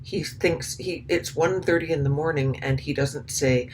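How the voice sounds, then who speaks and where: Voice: medium pitch, a little slow, a little hiss or hum, poor audio. A commentator talking through a recording, hesitant and full of restarts, with indignant, sarcastic asides. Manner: hesitant, many ums and restarts. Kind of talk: spoken commentary.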